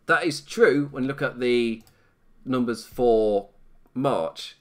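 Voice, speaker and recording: A man's voice: medium pitch, slow pace. A British man hosting a live stream, commenting casually in a rambling, self-mocking way and laughing often.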